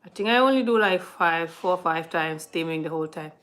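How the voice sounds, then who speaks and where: Chatty woman vlogger, animated storytelling straight to camera. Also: on the low side, brisk. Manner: chatty, talks a lot; animated retelling, often addresses viewers. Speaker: vlogger on a live stream. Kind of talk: casual storytelling chat.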